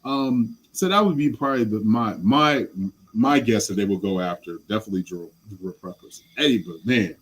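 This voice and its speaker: A man's voice: lowish voice, a little fast, fairly bright tone, slightly rough, poor audio. A man talking as a podcast guest in casual sports chat, passionate, blunt and rambling.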